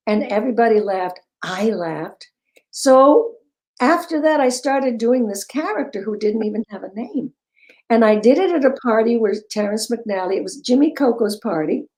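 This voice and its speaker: An older woman telling stories as an interview guest, animated and quick to laugh. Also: on the high side, rough recording. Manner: animated storyteller, breaks into laughter. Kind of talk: casual interview chat.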